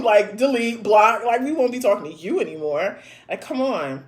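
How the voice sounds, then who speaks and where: A woman's voice: mid-range voice, animated, moderate pace. A woman in her thirties hosting a casual live chat, reading viewer comments aloud and answering in a blunt, sassy way, with frequent laughs and swearing.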